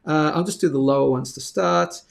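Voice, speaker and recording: A man hosts a live stream, walking through price charts as he talks. His voice sits fairly high and carries a gravelly, fried edge. He rambles and thinks aloud, filling gaps with loose asides. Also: fairly quick. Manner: chatty, thinks aloud, many fillers. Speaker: host of a live bullion market show.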